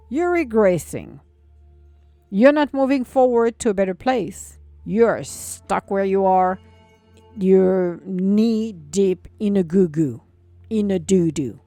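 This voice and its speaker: A woman who speaks as a hosts a solo self-help podcast in a blunt, tough-love way, swearing without hesitation. Her voice sits at an ordinary middle pitch and is recorded close and dry. Soft music plays faintly underneath. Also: no room sound. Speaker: podcast host.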